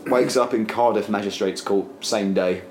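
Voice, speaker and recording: Deep-voiced man rambling through a comic tale. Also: normal speed, slight background noise. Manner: rambling, deadpan, many fillers. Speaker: storyteller. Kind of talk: casual comic storytelling. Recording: roomy echo, faint ambience.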